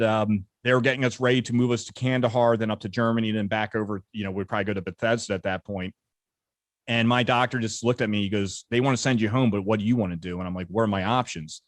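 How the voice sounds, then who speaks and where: Fast-talking man telling war stories. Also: medium pitch, no echo, clean studio sound. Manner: brisk, vivid war storytelling with quoted dialogue. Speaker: interview guest, combat veteran. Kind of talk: casual storytelling interview.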